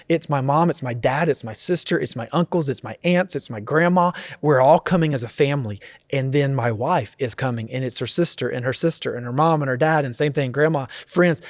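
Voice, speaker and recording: A man in his forties speaks as a pastor in a podcast chat, earnest and reflective, explaining ideas the way he would teach them. His voice sits at an ordinary middle pitch. The sound is dry and close, with no room echo. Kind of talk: podcast conversation.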